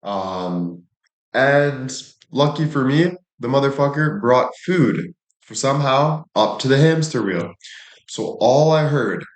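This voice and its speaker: A young man livestreaming, telling rambling stories in a casual chat with lots of swearing. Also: medium pitch. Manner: crude, rambling storytelling with frequent swearing. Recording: echoey room.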